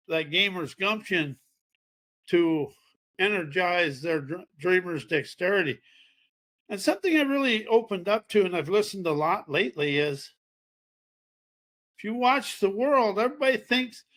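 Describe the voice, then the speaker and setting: Folksy, high-voiced man preaching self-help. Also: fairly bright tone. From American Midwest farming region. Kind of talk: motivational talk.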